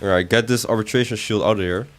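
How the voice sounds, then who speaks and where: A man's voice: fairly low pitch, fast talker. A young man chatting casually while he streams a video game, joking back at chat, his voice jumping up when he protests. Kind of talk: live gaming stream commentary, reading chat.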